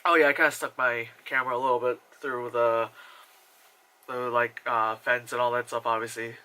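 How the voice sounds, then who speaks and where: Bright-voiced, swearing young American man. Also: medium pitch, moderate pace. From New Jersey, USA. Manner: casual, swears freely, laughs often, animated impressions. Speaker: vlogger. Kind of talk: voice-over commentary on travel footage.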